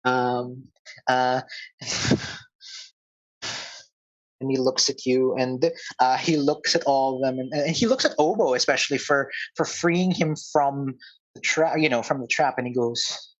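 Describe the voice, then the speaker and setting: A man's voice: medium pitch, unhurried, dull audio. A man narrating as game master of a tabletop game, hesitant and full of fillers. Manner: hesitant, many fillers and restarts.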